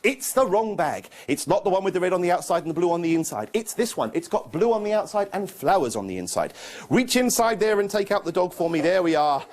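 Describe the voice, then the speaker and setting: A man's voice: high-pitched, expressive, fast talker. A man performing a children's magic show, coaxing a young volunteer with playful, mock-confused patter.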